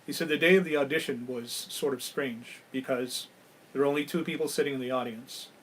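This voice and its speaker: A male storyteller from Hawaii hosts a live ghost-story session in a mid-pitched voice. He tells his tales with drama and slips into a near-whisper at the tense moments. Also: steady tone, a little fast, husky, low-quality recording. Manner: dramatic, dropping to a hush at key moments. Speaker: storyteller and host.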